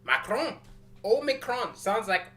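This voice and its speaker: An indignant, complaining president, as a male comedian puts him on, pitched up and pushed loud. The voice is bright and forceful, whining about being singled out. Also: animated, unhurried, a little hiss or hum. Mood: aggrieved.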